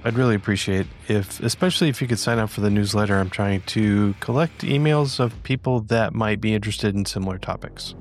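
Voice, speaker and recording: A man hosting a podcast about software testing and interviewing a guest in an upbeat way. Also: fairly low pitch, fairly quick, creaky, hardly any pauses, music in the background. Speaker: podcast host.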